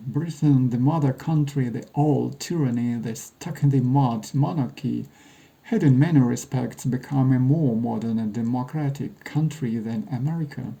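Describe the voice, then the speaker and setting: Man reading a book aloud, measured and a bit wry, really dark low-key voice. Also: creaky, poor audio. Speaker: narrator. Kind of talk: scripted narration.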